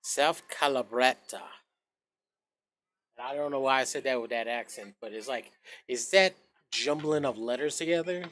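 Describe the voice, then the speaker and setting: A man streams a video game, chatting loosely with viewers in a rambling way, swearing now and then and humming little scat noises. His voice is medium-pitched and fairly bright, and he talks fairly quickly.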